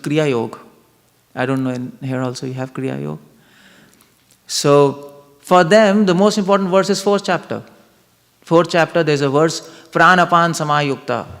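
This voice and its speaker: Gravelly-voiced man lecturing in a reverberant hall. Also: fairly high pitch. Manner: questioning, reasoning aloud, asks the audience. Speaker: spiritual lecturer. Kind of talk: interactive spiritual lecture. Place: large temple hall.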